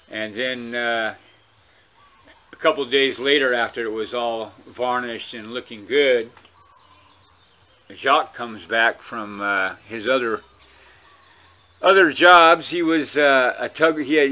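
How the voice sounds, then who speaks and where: A man's voice: mid-range voice, sharp tone. A man vlogger from California telling a long story in a casual, rambling way, with many restarts.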